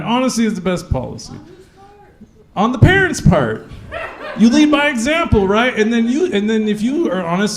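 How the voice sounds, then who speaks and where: A middle-aged man doing a stand-up set in a comedy club, telling crude stories and acting out the dialogue. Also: high-pitched. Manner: crude, animated storytelling, acts out dialogue.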